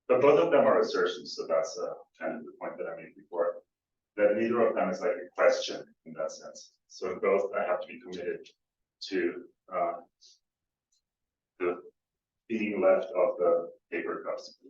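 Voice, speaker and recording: A man's voice: low voice, moderate pace. A man giving an academic conference talk, hesitant with many fillers and restarts. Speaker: conference speaker. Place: lecture room. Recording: distant mic, echoey room, dull audio.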